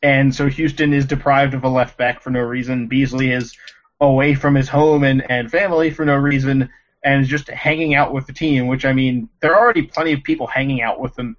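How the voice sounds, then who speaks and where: A man's voice: medium pitch, muffled recording. A man co-hosting a casual sports podcast, rambling with lots of ums and an exasperated tone. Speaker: podcast co-host.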